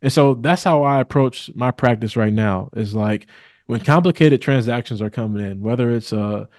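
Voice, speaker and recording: An attorney from Milwaukee speaks earnestly as an interview guest, pausing often with fillers. His voice is fairly low for a man. The sound is close and dry, with no room in it. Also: a little mellow, dry recording. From Milwaukee, Wisconsin. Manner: earnest, hesitant with many fillers and restarts. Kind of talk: casual interview talk.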